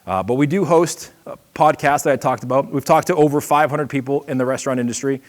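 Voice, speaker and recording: A middle-aged man from Boston with a Boston accent, giving a quick, energetic, conversational seminar talk. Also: mid-range voice. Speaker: seminar presenter. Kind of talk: trade show seminar talk.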